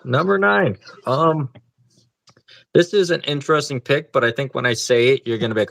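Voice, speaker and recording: A man's voice: mid-range voice, moderate pace, vocal fry, a bit bright, no room sound. A man co-hosting a podcast, chatting casually about video games in a laid-back way and swearing freely. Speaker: podcast co-host. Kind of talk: casual gaming chat.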